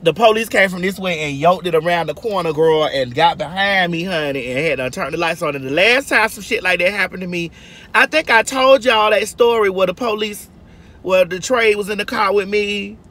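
A woman with a lowish, slightly bright voice talks at a normal speed, casually telling stories to her livestream audience from inside her car as she drives. In her forties and from Georgia in the US, she's sassy and chatty, calling viewers girl and honey. Her phone mic also catches car and road noise.

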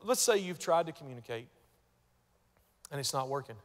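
A man preaches to his congregation, his voice sitting a little high for a man and carrying a long hall reverb. He tells a story and doubles words as he starts. He drops to near hush and then rises to loud emphasis. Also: lively intonation, moderate pace. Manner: storytelling, repeats words when starting, swings from hushed to loud. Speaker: pastor. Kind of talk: sermon. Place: church sanctuary.

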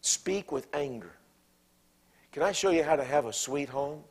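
A Southern American pastor preaching a sermon in a church, swinging from loud, emphatic lines to hushed, near-whispered quotes. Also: male voice, on the high side, animated, a little slow. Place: church sanctuary.

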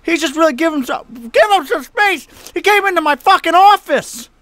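A man's voice: very high voice, lively intonation, normal speed, a bit bright, no room sound. A young man doing let's play commentary on a horror game, jumpy and swearing, screaming when scared. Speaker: gaming YouTuber.

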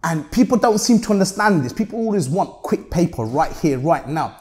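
A man's voice: a little high, lively intonation, a little fast, darkish tone. A brash young man with a Luton accent and heavy street slang, talking animatedly as an interview guest. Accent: Luton English, street slang. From England. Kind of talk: casual interview chat.

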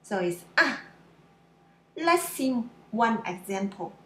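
High-pitched woman teacher, drawn out syllables, super slow, roomy echo. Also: animated, a bit bright. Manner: drawn-out syllables, simple explanations. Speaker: Mandarin teacher. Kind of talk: slow pronunciation lesson.

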